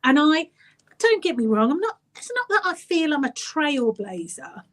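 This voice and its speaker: A woman with an Estuary English accent, a radio presenter chatting as a guest and telling animated stories with acted-out voices. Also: high voice, normal speed. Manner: animated storyteller, acts out voices. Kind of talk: casual chat.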